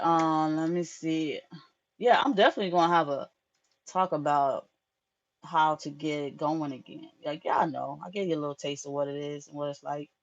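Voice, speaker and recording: A woman's voice: low voice, lo-fi sound, slight background noise. Frank, profane woman chatting on a live stream. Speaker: tarot reader hosting a live stream. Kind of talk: casual live-stream chat.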